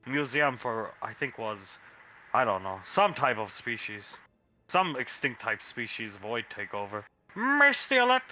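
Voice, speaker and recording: Guy playing a dumb brute creature talking in broken grammar, bright sharp voice, jumps all over in pitch. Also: big pitch swings, measured pace, soft background music, exaggerated voice. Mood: gruff. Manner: caveman-style broken grammar, gruff. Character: brutish dim-witted male creature speaking broken talk.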